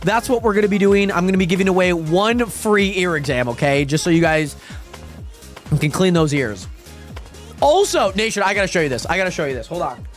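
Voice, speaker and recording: A young male live streamer talks to chat on a gaming stream in a high voice that swings all over the place. Fairly quick and chatty, he rambles casually, addresses his viewers constantly, and yelps excitedly during fights. Dance pop music plays faintly behind him.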